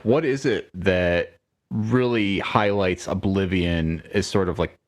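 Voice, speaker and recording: Podcast co-host, male, deep voice, loose rambling delivery with frequent laughs. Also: slow. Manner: rambling, laughs often, many restarts. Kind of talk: casual chat.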